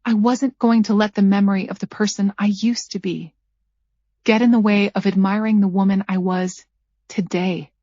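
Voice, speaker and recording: A woman narrating a first-person thriller audiobook at a measured pace, her character's lines dryly sarcastic. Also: medium pitch, steady tone, dark tone, no echo. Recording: dull lo-fi dry recording.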